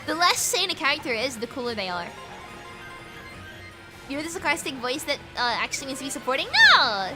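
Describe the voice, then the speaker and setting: A woman's voice: high voice, expressive, a little fast, long pauses. A British woman streaming a racing game, chatting casually with her viewers in a bubbly, giggly, rambling way with lots of fillers. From Britain. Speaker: VTuber streamer. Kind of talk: casual livestream chat while gaming. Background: game music.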